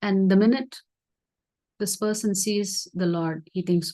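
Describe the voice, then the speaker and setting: A woman teaching scripture through a story, acting out the dialogue in an earnest, gentle way during an online session. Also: medium pitch, steady tone, measured pace. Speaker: spiritual teacher.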